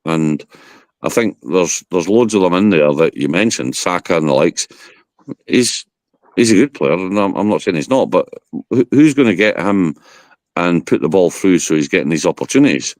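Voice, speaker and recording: A man's voice: low-pitched, animated, moderate pace, a little mellow, dry recording. A man, a guest on a football podcast, giving blunt, rambling opinions in casual chat.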